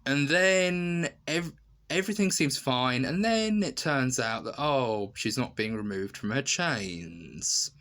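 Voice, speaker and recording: A man giving a casual spoken review, rambling with lots of filler and animated storytelling. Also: mid-range voice, takes it slowly. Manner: rambling, full of "you know" and "literally". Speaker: video reviewer.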